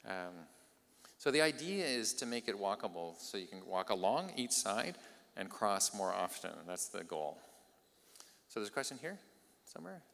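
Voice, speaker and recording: Bright-voiced man presenting in a hall. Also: fairly low pitch, sing-song, normal speed, gravelly. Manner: explains patiently, restarts and fillers. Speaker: planning consultant presenting at a public meeting. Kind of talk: explanatory public presentation. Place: public meeting hall. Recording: long reverb of a public hall.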